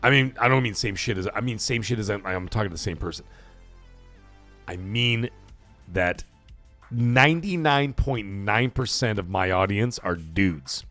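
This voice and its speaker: A middle-aged man hosting a live stream in loose, profane, rambling chat that breaks into bursts of shouting. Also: fairly low pitch, normal speed, faint music behind. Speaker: livestream host.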